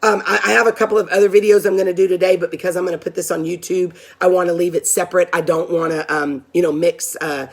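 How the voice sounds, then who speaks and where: A woman's voice: lowish voice, steady tone, quick pace, few pauses. Fired-up woman rallying her viewers. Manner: repeats herself, addresses viewers as "you guys". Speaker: advocate hosting a live stream. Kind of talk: impassioned live-stream appeal to viewers.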